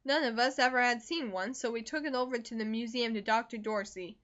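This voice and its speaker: A woman's voice: on the high side, fairly bright tone, lo-fi sound, close to an everyday voice. A woman reading as a cheerful convalescent young man. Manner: brisk, jovial, emphatic.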